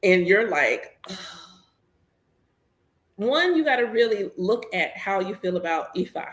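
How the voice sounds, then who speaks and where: An animated, candid woman in her thirties chats casually while she works, joking as she goes. Her voice sits at a middle pitch for a woman. The room around her is echoey. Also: moderate pace. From United States. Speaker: priestess and host. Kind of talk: casual chat while working.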